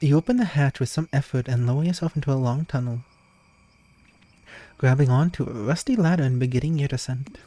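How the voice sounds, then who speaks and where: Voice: mid-range voice, fairly quick, warm tone, no room sound. A streamer reading a game's narration aloud, playful, with laughing asides.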